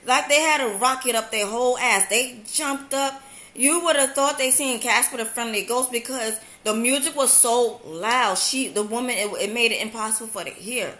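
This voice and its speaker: Young woman, high-pitched, animated slangy storyteller, echoey room. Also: normal speed. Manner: animated, slangy, repeats herself. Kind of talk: storytime vlog.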